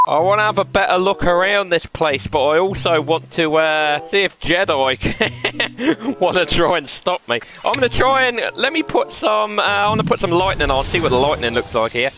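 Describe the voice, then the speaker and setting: Excitable gamer with a lively high voice. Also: male voice, moderate pace. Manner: playful, joking, laughs often. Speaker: gaming host. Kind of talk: excitable gameplay commentary. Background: background music.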